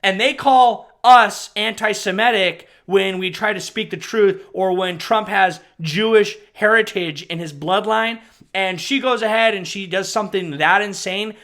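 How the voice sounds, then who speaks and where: A man's voice: high-pitched, measured pace, a bit bright. A man giving heated commentary on a news clip, agitated and ranting, often repeating himself and restarting.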